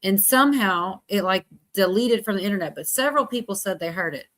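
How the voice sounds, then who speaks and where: A woman's voice: mid-range voice, expressive, fairly quick. A woman hosting a livestream, talking casually in a rambling, chatty way and laughing often. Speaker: livestream host. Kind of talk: casual chat.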